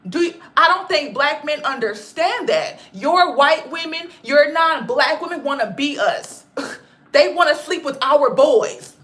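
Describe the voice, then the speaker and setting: A woman with a high, sharp, bright voice rants through a commentary vlog. She swears freely, hammers her points home by repeating them, and keeps calling her listeners "baby". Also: expressive, unhurried. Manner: emphatic and profane, repeats lines for effect. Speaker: channel host.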